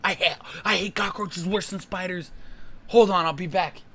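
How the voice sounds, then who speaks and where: A man's voice: sits high, moderate pace, fairly bright tone. Man, live streamer, casual chat to viewers, jittery and swearing, faint background hiss. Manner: jumpy, swearing, talking straight to viewers. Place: home room.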